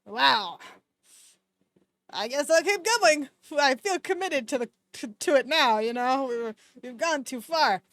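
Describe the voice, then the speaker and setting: A woman's voice: high-pitched, lively intonation, measured pace, a bit bright, dry recording. A woman streamer reading a novel aloud to her viewers, breaking off for sarcastic asides and swearing. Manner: sarcastic asides, swearing between read passages. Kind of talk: casual book reading with commentary. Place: home streaming setup.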